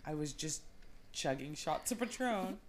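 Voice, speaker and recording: A woman's voice: sits low, animated, unhurried, a little hiss or hum. A young woman with a cold, chatting casually on a podcast and jumping between topics with bursts of laughter. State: sick, eyes watering. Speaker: podcast co-host. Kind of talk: casual chat.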